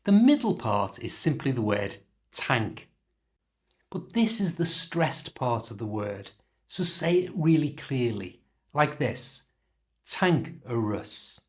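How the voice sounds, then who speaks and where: British male English tutor, unhurried and animated, spelling sounds out clearly. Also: medium pitch. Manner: slow, clear, demonstrative delivery. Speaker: English teacher. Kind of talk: scripted pronunciation lesson.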